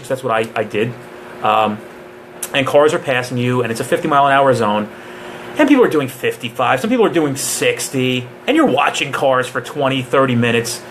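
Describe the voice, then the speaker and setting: A man's voice: mid-range voice, fairly bright tone, a little hiss or hum. Casual, joking police trainer man. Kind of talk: live Q&A training talk.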